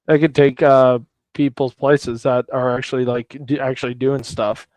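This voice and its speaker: A man's voice: medium pitch, level tone, moderate pace, darkish tone, no room sound, low-quality recording. A man on a casual podcast panel, rambling and restarting his sentences. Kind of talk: casual chat.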